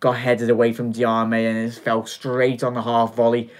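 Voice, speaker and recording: A young man talks through a football result in a relaxed reaction vlog. He rambles in a chatty way, repeating himself and restarting sentences with plenty of fillers. His voice sits at an ordinary middle pitch. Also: normal speed. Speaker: fan channel host. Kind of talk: casual match reaction vlog.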